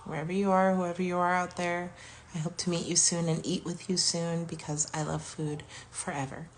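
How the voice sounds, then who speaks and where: A woman around forty, talking candidly and warmly about her self-healing in a casual vlog, sometimes dropping to a soft whisper. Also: lowish voice, level tone, moderate pace, slight background noise. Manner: chatty, candid, self-affirming. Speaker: vlogger.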